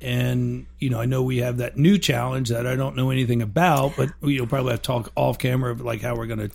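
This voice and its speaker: A man's voice: mid-range voice, level tone, fast, vocal fry, darkish tone. A man hosting a podcast, a coach asking questions in a rambling, joking way with many fillers. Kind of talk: casual interview chat.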